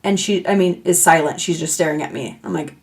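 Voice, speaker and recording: Gal hosting her own podcast, yappy and self-mocking, lots of vocal fry. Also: low voice, lively intonation, brisk. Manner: chatty, playful, self-mocking oversharer. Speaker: podcast host. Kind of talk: casual solo podcast chat.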